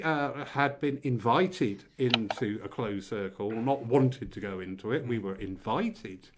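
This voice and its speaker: A man's voice: on the high side, a bit bright. A man hosting a casual discussion, joking and laughing often. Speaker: host.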